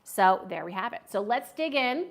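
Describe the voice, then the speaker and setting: A woman's voice: on the high side, lively intonation, normal speed, creaky. A woman hosting a casual live-stream food review at home, chatty and enthusiastic as she reads viewer comments aloud. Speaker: food vlogger.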